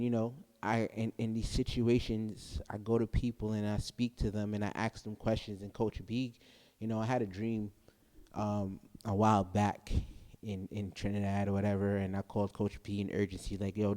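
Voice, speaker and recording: Casting: young male host, low mellow voice, searching and earnest, reverberant room. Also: level tone, moderate pace. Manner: earnest, searching, repeats himself. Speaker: podcast host. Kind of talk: candid personal monologue.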